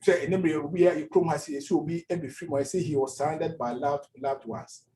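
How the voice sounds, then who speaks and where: A man's voice: on the high side, fairly even intonation, fairly quick, warm tone, slight background noise. A male pastor with a Ghanaian accent preaching a sermon in church, switching between languages and repeating phrases for emphasis.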